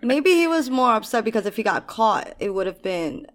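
A woman's voice: on the high side, very animated, normal speed. A woman co-hosting a casual podcast, reacting with dry, wry remarks. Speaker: podcast co-host. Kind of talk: casual chat.

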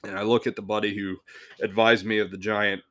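A man's voice: on the low side, little pitch movement, a little fast, fairly bright tone. A man hosting a podcast, telling a work story in a casual, rambling way with swearing, restarts and chuckles.

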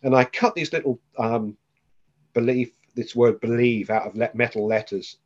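A man's voice: mid-range voice, steady tone, normal speed, dull audio. A man, a podcast guest, tells a personal story with animation and acts out the voices of the people in it.

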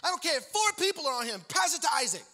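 A man's voice: very high-pitched, sing-song, racing, sharp tone, voice pushed up, heavily acted. A man playing a screaming, burned-out basketball coach. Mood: shouting. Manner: bellowing orders. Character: burned-out middle-aged male youth basketball coach, screaming. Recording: long church-hall reverb.

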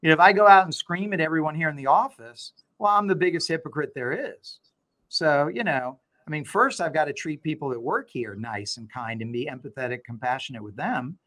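A middle-aged man, a law firm owner, talking as an interview guest and telling stories with animated, acted-out dialogue. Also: fairly high pitch, a little fast. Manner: animated storyteller, acts out quoted dialogue. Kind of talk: conversational interview.

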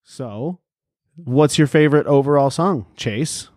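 A man's voice: mid-range voice, unhurried, a little mellow, no echo, clean studio sound. A man hosting a podcast in casual chat, joking around and swearing a lot. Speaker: podcast host. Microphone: podcast microphone.

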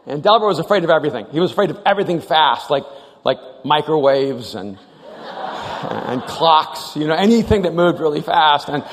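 A man preaching a sermon, telling stories animatedly, acting out the voices and often restarting his sentences. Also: fairly high pitch. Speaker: pastor. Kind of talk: sermon storytelling. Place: large church hall. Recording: live church hall with reverb.

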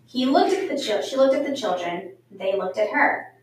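A woman reading a children's storybook aloud in a gentle, measured way. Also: a little high, animated, background noise. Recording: echoey room, mic far off.

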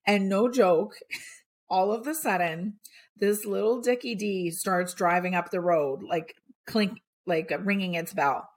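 Woman, podcast host, casual storytelling, animated. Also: slow pace. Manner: animated storytelling, acts out quotes with big pitch jumps. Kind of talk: personal storytelling.

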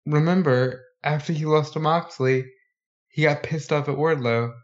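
Slightly high male podcast co-host, eager and chatty, dull lo-fi sound. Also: steady tone, moderate pace. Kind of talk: casual wrestling chat.

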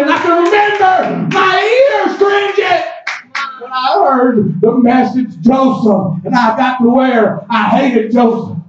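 A man preaching a sermon in an impassioned, shouting style, often breaking in with "amen.". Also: very high voice, animated, takes it slowly, a little hiss or hum. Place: church. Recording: echoey, distant, muffled hall mic.

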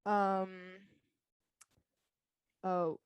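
A woman's voice: medium pitch, flat delivery, drawn-out words, clean tone, no room sound. A young woman chatting casually with a friend, playful and teasing, her talk full of ums and likes. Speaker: friend in a chat. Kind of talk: casual chat.

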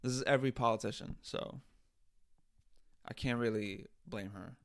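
A man's voice: mid-range voice, moderate pace, dry recording, clean studio sound. A man hosting a podcast, delivering comedic commentary in an exasperated, profane rant. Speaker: podcast host.

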